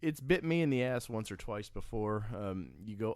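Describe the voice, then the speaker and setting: A man's voice: on the low side, normal speed, few pauses, clear, resonant tone, no echo, studio quality. A man hosting an off-road podcast on the road, rambling in casual, self-mocking chat. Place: on the road and on the trails.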